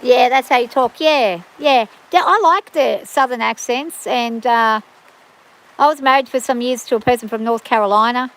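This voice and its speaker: A woman chats away on her farm livestream in an easy, rambling way, often restarting her sentences. Her voice sits a little on the high side for a woman. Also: normal speed, low-quality recording. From Australia. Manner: chatty, rambling, frequent restarts. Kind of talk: casual rambling chat.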